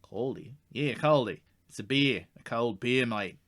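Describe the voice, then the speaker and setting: A man's voice: medium pitch, a little slow, fairly bright tone, dry recording, studio quality, close to an everyday voice. A man playing a brash Aussie outback guide. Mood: apologetic. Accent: Australian. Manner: blunt, slangy, stammers when worked up. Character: brash male Australian outback guide, touchy. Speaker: tour guide. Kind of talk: comedy sketch acting.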